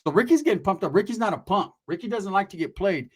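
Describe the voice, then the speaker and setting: Casting: lively, rough-talking middle-aged man, higher voice, swinging pitch. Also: quick pace. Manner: animated, profane, acts out voices. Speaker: storyteller. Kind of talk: comic storytelling.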